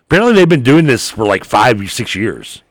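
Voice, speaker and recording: A man's voice: medium pitch, sing-song, normal speed, no echo. A man co-hosting a sports radio show, chatting casually and teasing his partner.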